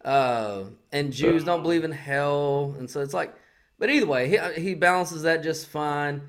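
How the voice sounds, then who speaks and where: A man's voice: fairly high pitch, measured pace, clear, resonant tone. Sarcastic, foul-mouthed man riffing. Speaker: podcast co-host. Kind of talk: casual podcast banter.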